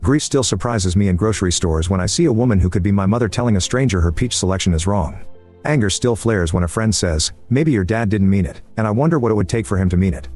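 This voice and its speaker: A man reading a first-person story aloud in an even, measured scripted narration. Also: fairly low pitch. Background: faint background music.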